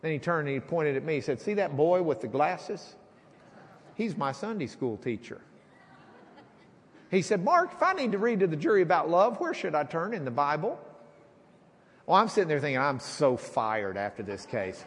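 A middle-aged man preaching a sermon, telling a courtroom story and acting out the voices with lively energy. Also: on the high side, moderate pace, pauses often, slightly rough. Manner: animated storyteller, acts out voices. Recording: hall reverb.

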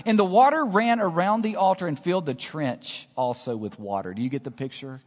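A man preaching a sermon, swinging from hushed lines to loud calls and asking the congregation to repeat after him. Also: fairly high pitch, lively intonation, brisk, long reverb tail.

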